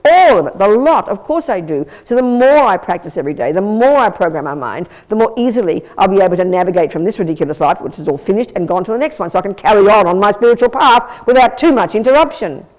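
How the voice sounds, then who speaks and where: A woman teaching as a Buddhist nun, giving a blunt, lively, conversational dharma talk and answering questions from her listeners. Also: medium pitch, quick pace, hardly any pauses. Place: Buddhist centre teaching room.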